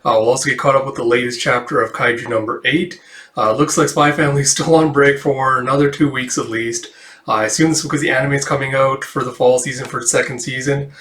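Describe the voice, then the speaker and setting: A man hosting a casual read-through, chatting in a relaxed way with lots of filler words. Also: medium pitch, quick pace, roomy sound. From Canada. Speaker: channel host.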